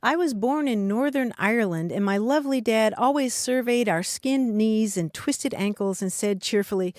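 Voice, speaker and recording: A woman's voice: a little high, animated, moderate pace, no echo, clean studio sound. A woman co-hosting a radio talk show about language, reading listener emails aloud in a casual, chatty way. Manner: reads listener emails aloud, warm laughing asides.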